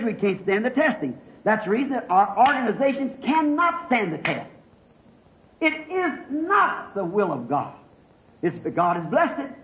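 A man preaching a fervent revival sermon, swinging from hushed asides to shouted exclamations. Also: very high voice. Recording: echoey, muffled old sermon recording.

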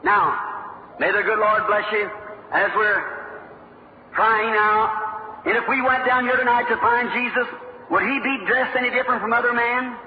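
High-voiced fervent preacher in his forties. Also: normal speed, a little hiss or hum. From American South-Midwest. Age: 40s. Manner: fervent storytelling, voices the people in his stories. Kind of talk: revival sermon. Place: church meeting hall. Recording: tinny old recording with roomy echo.

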